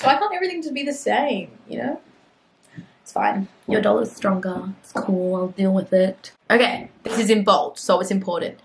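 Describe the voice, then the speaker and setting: A woman's voice: mid-range voice, low-quality recording. A young Australian woman in a casual vlog, chatty and self-mocking, reading website text aloud and drifting into muttered asides. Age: young adult. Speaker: vlogger.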